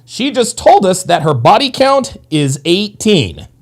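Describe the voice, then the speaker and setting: A man hosting a reaction video, commenting on a podcast clip in a crude, animated way with fast bursts of talk. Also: high-pitched, creaky.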